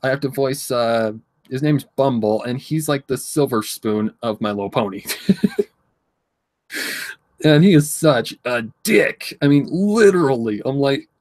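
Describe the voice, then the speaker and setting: A man hosting a relaxed livestream at a middle pitch, rambling through his thoughts and swearing freely. He reads viewer messages aloud and hums while he scrolls. The sound is dry and close, with no room echo. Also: unhurried. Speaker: livestream host. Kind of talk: casual livestream chat.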